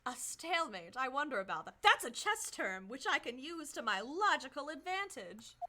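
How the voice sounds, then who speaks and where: A woman's voice: sits high, sing-song, moderate pace, noisy background. Woman reading as a stiff formal male prosecutor.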